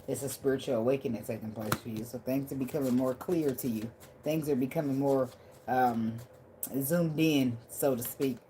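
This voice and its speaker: A woman's voice: very deep voice, warm tone, slight background noise. A woman giving a casual tarot reading in a blunt, profane, conversational way. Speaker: tarot reader.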